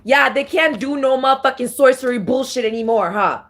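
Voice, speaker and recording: High-voiced woman on a profane rant. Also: fairly quick. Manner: profane, emphatic rant with sudden louder outbursts; repeats and restarts phrases, slangy. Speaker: spiritual commentator. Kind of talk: off-the-cuff monologue.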